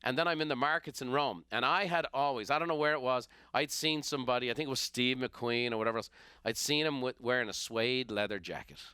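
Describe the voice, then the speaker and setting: A middle-aged man with an Irish accent tells stories for a motivational business podcast, acting out the characters as he goes. His voice sounds bright and crisp. The recording is close and dry. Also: mid-range voice, fast, no room sound. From Ireland. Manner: animated storyteller who acts out characters. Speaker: business coach and podcast host. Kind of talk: storytelling motivational talk.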